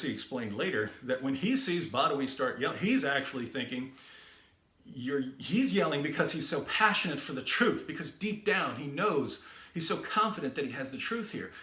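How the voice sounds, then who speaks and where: Bright, animated man telling a story. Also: on the high side, moderate pace. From the West. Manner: lively and animated, acts out quoted voices. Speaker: Christian apologist and debater. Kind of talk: storytelling talk. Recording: roomy echoey room.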